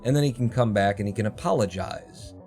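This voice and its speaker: A man's voice: lowish voice, fairly quick, a little mellow, faint music behind. A man hosting a livestream, telling a story as a heated, heavily profane rant from home. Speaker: livestream host. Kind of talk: casual ranting story. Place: home, indoors.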